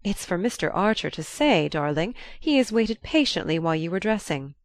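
A woman's voice: on the low side, animated, moderate pace, no room sound, clean studio sound. A woman reading the part of a fussy, indulgent older aunt with an arch, coaxing manner.

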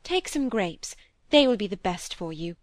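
A woman voicing a pretty young lady in mourning with a sweet, gentle, coaxing voice. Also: medium pitch, sing-song, moderate pace, no echo, close to an everyday voice.

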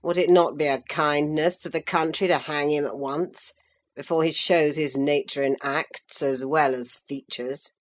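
A woman's voice: low voice, steady tone, measured pace. A woman reading aloud and voicing a pompous older male magistrate who blusters and declaims. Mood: blustering.

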